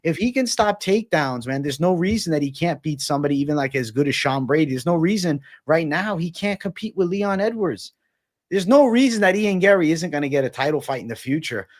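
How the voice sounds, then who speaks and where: Earnest man arguing, slightly high voice. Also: expressive, fairly quick. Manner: earnest, emphatic, says "bro" and "man" a lot. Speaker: MMA podcast co-host. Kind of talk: casual sports debate.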